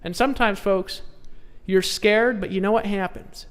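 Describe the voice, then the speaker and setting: Leading a motivational seminar, this sales trainer pushes listeners with short, repeated commands, alternating quiet stories with loud urging. He speaks at a moderate pace in a high-pitched, steady tone, and the room leaves a long reverb tail.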